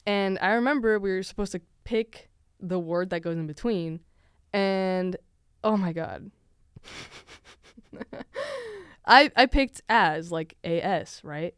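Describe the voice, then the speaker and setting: A woman's voice: medium pitch, slow pace, long pauses, a bit bright, clean tone, dry recording, clean studio sound. A young woman from Venezuela with a Venezuelan accent, telling a casual story as a podcast host, chatty with many fillers.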